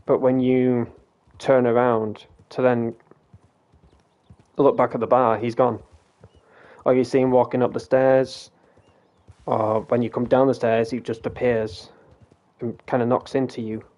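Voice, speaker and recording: A man's voice: mid-range voice, level tone, unhurried, long pauses, darkish tone. A British man streaming a game, telling a rambling story in a casual way, with frequent restarts and some swearing.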